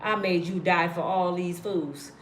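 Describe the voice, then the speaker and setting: A woman voicing God as a weary, apologetic heavenly father who sighs slowly, recorded in an echoey room. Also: steady tone, a little hiss or hum, natural voice. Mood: sorrowful apology. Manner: slow, sighing, heavily lowered voice.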